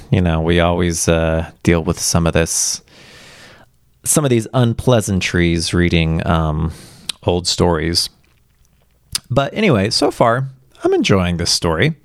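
A man's voice: deep voice, creaky, no room sound, clean studio sound. A man hosting a story-reading podcast, chatting casually and rambling as he thinks aloud, with frequent chuckles. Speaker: podcast host reading old stories. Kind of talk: casual after-reading chat.

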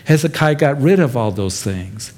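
A man's voice: mid-range voice, lively intonation, moderate pace, darkish tone. A pastor giving an expository sermon, talking to his congregation in a plain, conversational way and addressing them directly. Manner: conversational, speaks directly to the listeners.

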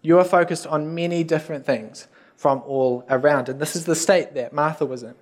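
High-voiced man giving a casual sermon. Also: steady tone, moderate pace. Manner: casual, joking, self-deprecating asides. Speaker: youth pastor.

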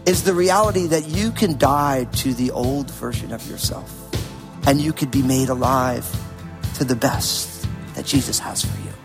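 A man's voice: medium pitch, normal speed. A middle-aged man from New Jersey, a pastor preaching casually and telling a personal story. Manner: casual, conversational, with self-deprecating asides. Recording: long reverb with faint music behind.

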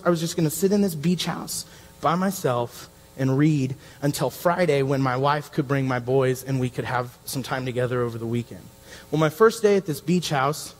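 A man in his thirties preaches a sermon, speaking earnestly and conversationally as he tells a personal story. His voice sits a little high for a man. The sound carries a long reverb from the large church room. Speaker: pastor.

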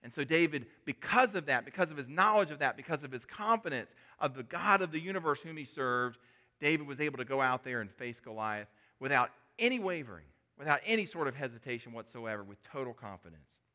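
A man's voice: medium pitch, expressive, fairly quick, pushed and bright. A male pastor preaching a sermon, retelling a story in a conversational way with rhetorical questions.

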